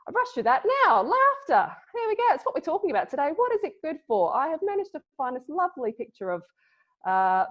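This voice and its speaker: A woman from Scotland giving a playful, casual online talk as a clown presenter, full of dad jokes. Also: a little high. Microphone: video call. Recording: lo-fi video call audio.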